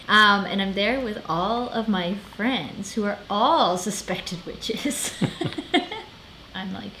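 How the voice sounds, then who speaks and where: A woman voicing a chatty, sassy female salon owner with a dark sense of humour. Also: medium pitch, noisy background, pitched below the performer's own voice, natural voice. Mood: gossipy. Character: gossipy female salon owner, accused witch.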